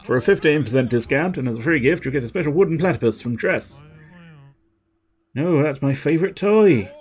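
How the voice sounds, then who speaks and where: A man voicing a pushy male village handyman from a game who eagerly pitches a deal. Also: expressive, fairly quick, a little mellow, lightly acted. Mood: salesy. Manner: eager salesman patter.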